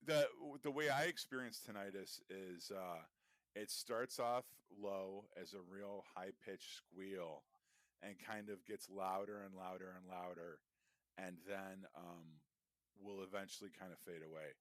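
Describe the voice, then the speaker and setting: Low-voiced guy cohosting a podcast, swears a lot, goes off on tangents, dry mic. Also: fairly even intonation, measured pace, fairly bright tone, no echo. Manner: profane, rambling, digressive. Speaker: podcast co-host. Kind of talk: casual podcast chat.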